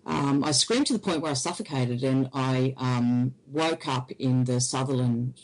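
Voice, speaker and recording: A woman, an interview guest, recounting a personal experience in halting, hesitant speech. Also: a bass voice, darkish tone, poor audio.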